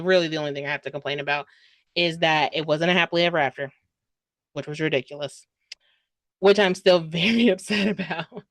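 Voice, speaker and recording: A woman's voice: on the low side, no echo. A young woman giving a casual, dramatic book review, full of fillers and rambling asides. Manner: gushing, dramatic, heavy filler "like".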